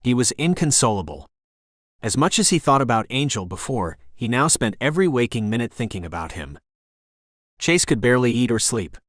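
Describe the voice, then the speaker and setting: A man narrating an audiobook in a steady, even storytelling manner. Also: medium pitch, fairly quick, no echo, studio quality. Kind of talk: scripted narration.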